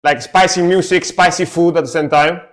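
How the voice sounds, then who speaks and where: A man's voice: fairly high pitch, steady tone, normal speed. A man streaming live, reacting to metal music in casual commentary and humming along to riffs. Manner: chatty, scats along to the music.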